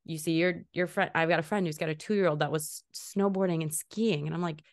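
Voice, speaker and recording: Animated woman podcast host, lower voice. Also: a little fast. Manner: animated, acts out quoted voices in stories. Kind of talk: casual podcast conversation.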